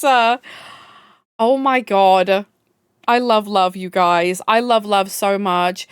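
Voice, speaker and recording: A bubbly young woman chats on her live stream, gushing over her viewers and swearing freely. Her voice sits a little high. The sound is close and dry. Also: slow, fairly bright tone, clean tone, dry recording. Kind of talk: casual chat.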